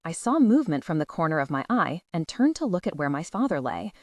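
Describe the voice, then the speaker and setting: A woman's voice: lowish voice, very animated, quick pace, no room sound. A woman narrating a first-person audiobook, telling the story expressively and with feeling.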